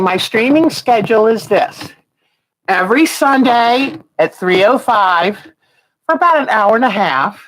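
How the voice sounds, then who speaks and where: A woman's voice: fairly high pitch, animated, slow, a bit bright, rough recording. A woman hosting a casual quilting livestream, chatting and greeting viewers by name. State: out of breath.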